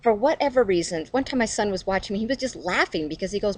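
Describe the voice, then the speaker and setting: Chatty middle-aged woman, lively voice. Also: mid-range voice, fast. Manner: chatty, self-deprecating, laughs at herself. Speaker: devotional video host. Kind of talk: casual devotional talk to camera.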